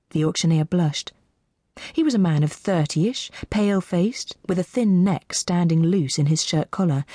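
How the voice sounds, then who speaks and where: A woman reading a novel aloud in measured scripted narration. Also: lowish voice, dark tone, breathy edge, dry recording, clean studio sound. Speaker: audiobook narrator.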